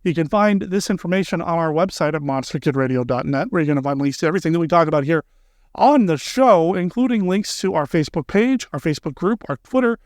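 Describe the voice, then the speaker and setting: A man's voice: fairly high pitch, lively intonation, fast, no room sound. A man hosting a podcast, giving friendly thank-yous and announcements into a close microphone. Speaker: podcast host.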